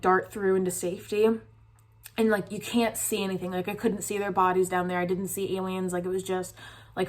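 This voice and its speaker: A young woman vlogger telling a dream story casually, rambling with constant filler words. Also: mid-range voice.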